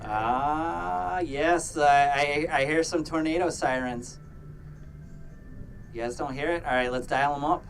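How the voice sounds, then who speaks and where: A man's voice: on the high side, slow pace, gravelly, slight background noise. A man co-hosting a podcast in casual, joking chat, often stumbling over his words. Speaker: podcast co-host.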